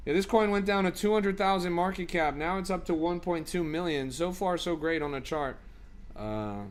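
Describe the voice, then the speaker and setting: A young man streaming about crypto, reading viewer comments in a casual chat and ranting in exasperation with lots of swearing. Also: on the high side.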